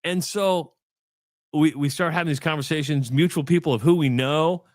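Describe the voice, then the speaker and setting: A man's voice: a little high, normal speed, a little mellow, dry recording, clean studio sound. A middle-aged man from Iowa co-hosting a radio show, telling a long story and acting out both sides of the chat. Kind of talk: casual storytelling on sports radio.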